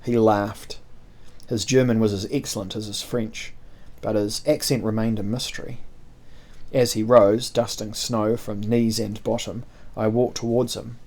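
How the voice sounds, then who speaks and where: A man's voice: lowish voice, little pitch movement, unhurried, a little mellow. Man reading a period adventure novel. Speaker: narrator. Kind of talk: first-person audiobook narration of a historical adventure novel.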